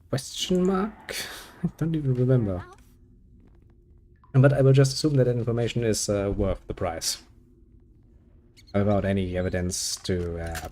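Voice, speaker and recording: A man's voice: fairly low pitch, warm tone, slight background noise. A man giving sarcastic, muttered commentary while playing a game, swearing freely. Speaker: gameplay commentator. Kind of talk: casual gameplay commentary.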